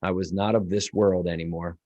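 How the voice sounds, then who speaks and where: A man's voice: low voice, fairly even intonation, a little fast, darkish tone, lo-fi sound. A middle-aged man, a guest in an interview, telling a personal story in earnest and acting out the dialogue.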